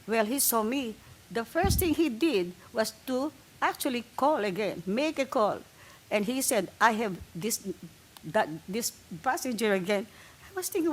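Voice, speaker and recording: A woman's voice: a little high, lively intonation, a little slow, rough recording. A woman giving public comment at a board meeting, telling a long, detailed story and acting out the dialogue.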